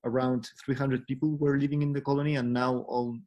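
Man, 40s, filmmaker guest, video call, mid-pitched, halting, restarts a lot. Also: flat delivery, warm tone. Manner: halting, searches for words, frequent restarts. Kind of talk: casual interview answer.

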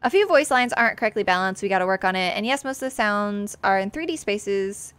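Brisk and expressive, this woman streams her own game from a sunny room, chatting casually, teasing herself, and addressing what's on screen. Her medium-pitched voice is clear and resonant with a fairly bright tone.

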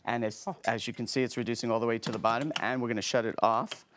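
A man working as a guest chef, walking through a recipe in a friendly, instructive way. His voice sits at an ordinary middle pitch for a man. A faint hiss runs under the studio kitchen sound. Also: level tone, fast, a bit bright. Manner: friendly, instructive, explains step by step. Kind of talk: cooking demonstration on a talk show.

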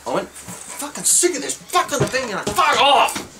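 A man's voice: very high voice, very animated, moderate pace, noisy background. An Australian man ranting grumpily to camera in a comedic vlog, swearing constantly and sounding exasperated. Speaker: vlogger.

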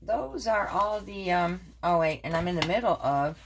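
Low-voiced rambling crafter, lively pitch. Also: female voice, normal speed, slight background noise. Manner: rambling, with many fillers and self-corrections. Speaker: crafting vlogger. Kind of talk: casual show-and-tell chat.

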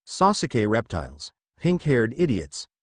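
A man's voice: medium pitch, wildly swooping pitch, unhurried, no room sound, clean studio sound. A man voicing a brash, hot-headed teenage boy ninja in a read-aloud fan story. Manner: brash and shouty.

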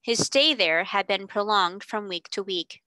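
Woman narrator, clear, steady storybook reading, crisp bright tone, dry close mic. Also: mid-range voice, unhurried, no room sound. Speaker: reader. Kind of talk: audiobook narration.

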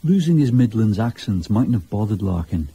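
A man's voice: fairly low pitch, big pitch swings, normal speed, gravelly, mellow, breathy edge. A male presenter reading scripted documentary narration in a composed way.

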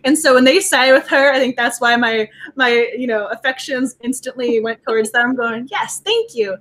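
Woman, book club co-host; high, bright, animated casual talk. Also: moderate pace. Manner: animated, reads quotes aloud with feeling.

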